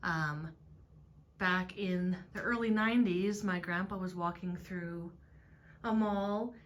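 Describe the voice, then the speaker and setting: A woman in her thirties giving a casual tour of her small business office, chatty and laughing often, talking fast enough to get out of breath. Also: fairly low pitch, highs cut off. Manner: chatty and giggly, laughs often mid-sentence. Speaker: small business jewelry maker. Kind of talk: casual studio tour vlog. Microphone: handheld camera while walking around.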